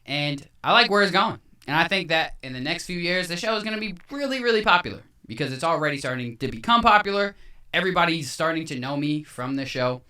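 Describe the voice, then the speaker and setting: A man hosting a casual podcast, excitable and animated, with loud bursts of energy and an American accent. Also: on the high side, fast talker. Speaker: podcast host.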